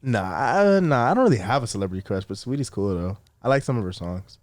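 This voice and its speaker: A young man, an actor and college football player, guesting on a podcast, relaxed, laughing easily and restarting his sentences. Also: mid-range voice, fast, no echo. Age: young adult. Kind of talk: casual interview chat. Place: inside a truck.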